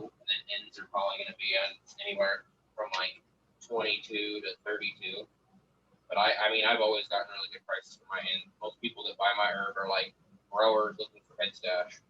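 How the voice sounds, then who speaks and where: A guest grower's low, completely flat voice comes across bright and forceful, a little fast. He chats casually and crudely about growing on a livestream, rambling over numbers and tales, captured by a faraway lo-fi mic with faint noise.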